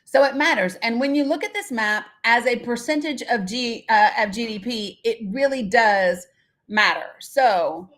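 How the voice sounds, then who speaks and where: A woman's voice: a little high, a little slow, a bit bright. A middle-aged woman hosting a live stream in casual chat, talking straight to her viewers by name, blunt and swearing freely.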